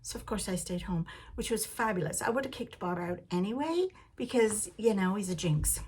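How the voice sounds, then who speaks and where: A woman hosting a knitting podcast in a rambling, chatty way, with frequent laughs and animated asides. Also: medium pitch, moderate pace, slight background noise.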